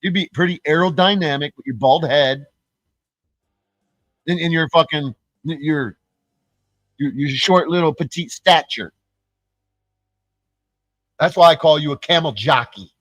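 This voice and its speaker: A man's voice: fairly high pitch, measured pace, pauses often, fairly bright tone, no room sound, rough recording. A man ranting on his own channel, profane and taunting, mocking the people he calls out. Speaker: YouTuber. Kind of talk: angry ranting vlog.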